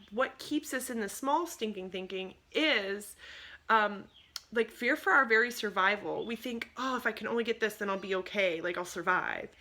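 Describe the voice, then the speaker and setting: A woman vlogging on a phone camera, telling personal stories in a casual, animated way and laughing often. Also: medium pitch.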